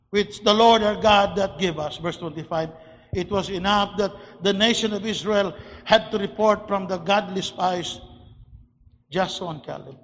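A man preaching a sermon, rising from quiet talk into shouted emphasis and often restarting words as he builds his points. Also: sits high. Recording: long hall reverb.

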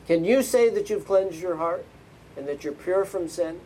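A man's voice: high voice, animated, normal speed, warm tone, husky, rough recording. A man preaching a sermon, praying and then asking one emphatic rhetorical question after another. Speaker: pastor.

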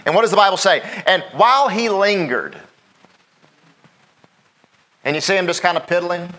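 A man's voice: high voice, lively intonation, normal speed, pauses often, pushed and bright. A middle-aged man, a pastor preaching a sermon in a folksy way, often asking the congregation "Amen?".

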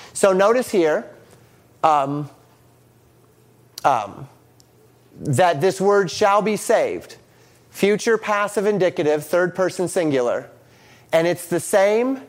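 Bible teacher, man, slightly high voice, halting delivery full of ums, walks through Greek grammar on a shared screen. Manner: halting, with many ums and restarts; explains Greek grammar, reading out translations.

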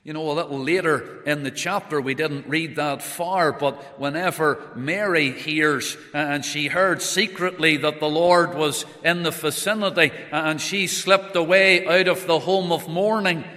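A male preacher with a high, bright voice delivers a slow, measured sermon. His words ring out with a long reverb in a church hall. He reads scripture aloud in old English between his reflections. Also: steady tone.

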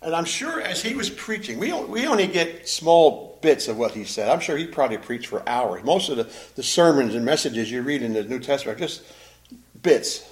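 A man preaching a sermon as pastor, animated, with emphatic pauses and repeated phrases. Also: medium pitch.

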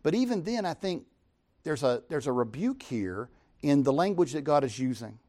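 A man's voice: a little high, sing-song, normal speed, mellow. A man preaching a sermon, retelling scripture with emphatic, dramatic paraphrase.

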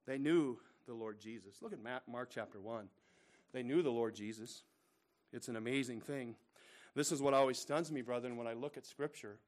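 A male pastor with a fairly high voice preaches a sermon. He's emphatic and repetitive, swinging between loud declarations and hushed asides.

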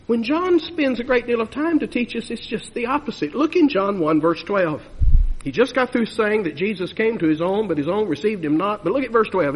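A man preaching a sermon with emphatic delivery, rising to loud urging and dropping to hushed lows. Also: expressive, moderate pace, breathy edge. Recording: long hall reverb.

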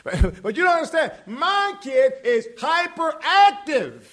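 A man's voice: big pitch swings, a little slow, fairly bright tone, exaggerated voice. A man putting on the voice of a whiny parent protesting on behalf of their child. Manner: high pleading protest.

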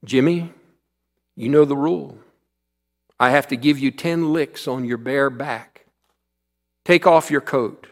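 A man voicing a firm but kindly male schoolteacher who speaks in a measured way. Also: medium pitch. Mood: stern.

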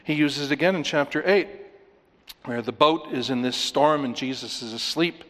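A man preaching an expository sermon, animated, acting out the voices of the people he talks about. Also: medium pitch, moderate pace, big-room sound. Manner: animated, acts out voices of the disciples. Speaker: pastor.

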